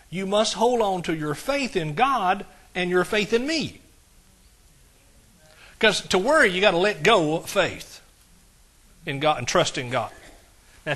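A man's voice: high-pitched, fairly bright tone. A man preaching a sermon, folksy and conversational, with asides to his congregation. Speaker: pastor.

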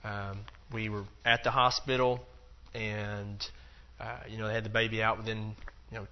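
A man's voice: on the low side, level tone, moderate pace, muffled recording. A man teaching a Bible lesson in a loose, conversational way, acting out the quotes and dropping in plenty of fillers. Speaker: preacher.

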